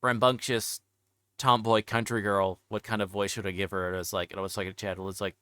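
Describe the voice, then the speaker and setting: A man's voice: lowish voice, little pitch movement, brisk, pushed and bright, dry recording, clean studio sound. A man hosting an interview show in casual livestream chat, rambling through meandering explanations.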